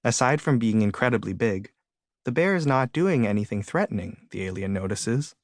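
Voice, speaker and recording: A man reading his own illustrated storybook aloud in gentle, plain narration. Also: on the low side, lively intonation, normal speed, no room sound, clean studio sound. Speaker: author and narrator. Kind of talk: scripted audiobook narration.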